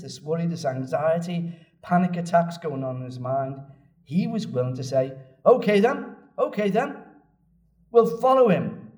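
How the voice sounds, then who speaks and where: Preacher, lively and repetitive. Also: male voice, mid-range voice. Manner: animated storytelling, repeats phrases for emphasis. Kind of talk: sermon. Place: church. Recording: echoey church room from a distance.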